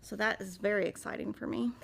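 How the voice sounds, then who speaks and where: Chatty gravelly-voiced woman host. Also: mid-range voice, fairly even intonation, fast talker, a bit bright, slight background noise. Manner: chatty storyteller, thinks aloud over math. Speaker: quilting show host. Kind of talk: casual chat while cutting fabric.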